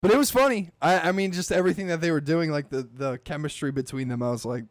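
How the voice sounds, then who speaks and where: Guy on a podcast telling a story all animated and cussing, kinda high voice, dry sound. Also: fast, no room sound. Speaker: podcast host. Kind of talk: casual chat.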